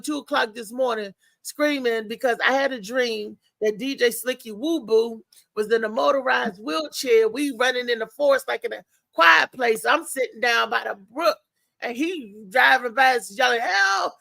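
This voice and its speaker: A woman hosts a live morning show in a heavily gravelly, bright voice pitched a bit high. She rambles through her thoughts, repeating words and acting out other people's lines. The sound is very dry and close. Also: no room sound. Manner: rambling, animated retelling with many repeats and acted-out quotes. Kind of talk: casual live-stream commentary.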